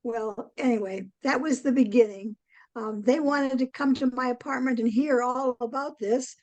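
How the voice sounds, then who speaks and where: An older woman, a guest in an interview, telling a long story in a rambling way, with many pauses and "um"s. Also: a little high, darkish tone, no echo, muffled recording. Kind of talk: casual interview chat.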